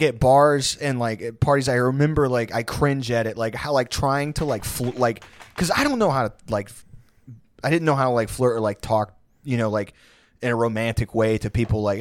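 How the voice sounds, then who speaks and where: A man's voice: mid-range voice, lively intonation, normal speed, dry recording. A young man tells stories on a podcast in a loose, rambling way, tripping over fillers as he goes. His voice sits mid-range and the recording is dry and close. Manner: rambling with many "like" fillers, laughing. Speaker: podcast co-host. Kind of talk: casual chat.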